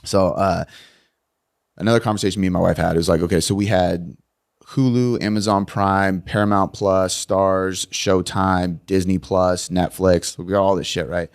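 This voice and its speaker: Male coach, deep, casual and blunt podcast guest. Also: steady tone, normal speed, clean tone. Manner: blunt, profane storytelling.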